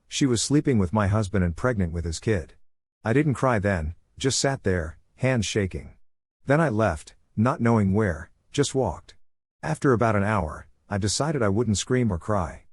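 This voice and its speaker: A man narrating a first-person drama story in a calm, cool tone. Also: lowish voice, normal speed, slightly rough, dry recording, clean studio sound.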